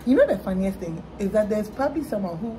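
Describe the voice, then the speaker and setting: A woman's voice: medium pitch, quick pace, background noise. A young woman, hosting a casual chat and telling stories with mimicked voices. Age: young adult. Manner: animated storyteller, mimics voices. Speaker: vlog host.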